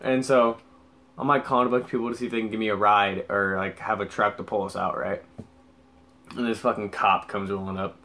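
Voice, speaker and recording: A man's voice: on the low side, fairly even intonation, brisk, bright, forceful tone. Rambling, foul-mouthed young man telling a story. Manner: rambling, heavy swearing, lots of fillers. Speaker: vlogger. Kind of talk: casual storytelling.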